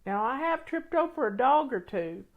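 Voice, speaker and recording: A woman on a casual livestream, chatting with viewers and answering comments. She sounds sniffly and teary, and her talk rambles with frequent restarts. Her voice sits a little on the high side. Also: expressive, normal speed, phone-quality sound. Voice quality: emotional, sniffly, tearful. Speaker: livestream host.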